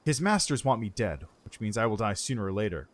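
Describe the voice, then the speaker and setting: A man's voice: on the low side, very animated, a little fast, voice pushed down. Give me a man voicing a defiant elf spy woman, terse and wary. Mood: guarded. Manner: curt, weary, bitter.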